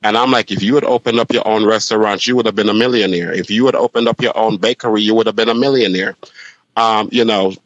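A man's voice: lowish voice, fast talker, no echo, highs cut off. A man chatting casually, telling stories with lots of ums and restarts. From Jamaica. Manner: animated storyteller, many restarts and ums. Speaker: podcast co-host, drag performer. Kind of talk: casual chat.

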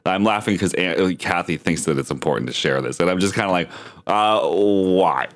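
A man co-hosting a podcast in casual chat, chatty and quick to laugh. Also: deep voice. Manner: chatty, laughs often, lively delivery. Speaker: podcast co-host.

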